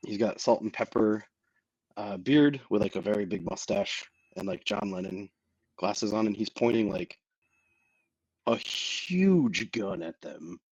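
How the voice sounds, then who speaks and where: A husky-voiced man, pitched low, talks through his character's look in a loose, rambling flow. His speech is dry and close, peppered with fillers. It is a tabletop game player's casual narration. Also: expressive, a little slow, a little mellow, dry recording, rough recording.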